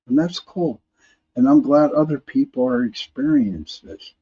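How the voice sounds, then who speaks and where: A man's voice: medium pitch, normal speed, slightly rough, lo-fi sound. A man hosting a live paranormal talk stream, reading viewer comments in a rambling way, often restarting and repeating words.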